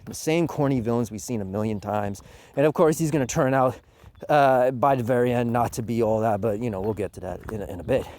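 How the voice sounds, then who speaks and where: A man giving a casual manga review, sarcastic and mocking with rough language. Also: medium pitch, brisk, darkish tone, slight background noise.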